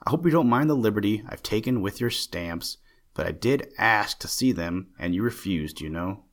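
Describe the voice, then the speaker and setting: A man voicing a fussy, excitable old male stamp collector with a chattering, genteel manner. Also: on the low side, normal speed. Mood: casual. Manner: chattering, genteel, easily indignant.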